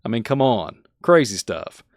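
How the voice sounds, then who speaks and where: Brief: male podcast host, animated, folksy, dry close sound. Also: medium pitch, normal speed, no room sound. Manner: animated, folksy, talks straight to the audience. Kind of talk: excited conspiracy podcast commentary.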